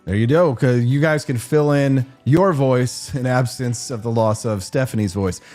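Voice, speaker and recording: A man's voice: medium pitch, moderate pace, a little mellow, faint music behind. Upbeat male podcast host signing off. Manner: upbeat, friendly sign-off patter. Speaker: show host. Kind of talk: casual chat.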